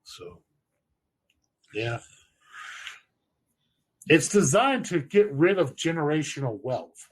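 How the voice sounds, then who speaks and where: A man's voice: on the high side, very animated, slow, pauses often. A man telling stories in a loose, rambling and profane way as host of a casual chat show. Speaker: podcast host.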